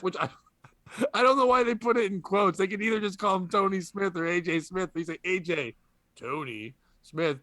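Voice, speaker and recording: High, bright-voiced joking host. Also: male voice, fairly even intonation, moderate pace, pauses often, dry recording. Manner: joking, laughs often. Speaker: podcast host. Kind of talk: casual comedy chat and reading news aloud.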